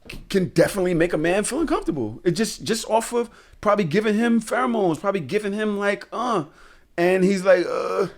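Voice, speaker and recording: Fast, high-voiced excitable man. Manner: excitable, teasing, quick-fire. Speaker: podcast co-host. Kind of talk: casual chat.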